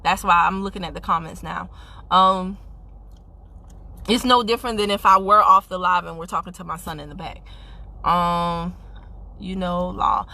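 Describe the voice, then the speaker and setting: A woman's voice: fairly low pitch, fairly even intonation, normal speed, long pauses, sharp tone. A woman giving an emphatic, sassy motivational talk on a live stream, speaking into a phone while driving her car. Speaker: network marketing team leader.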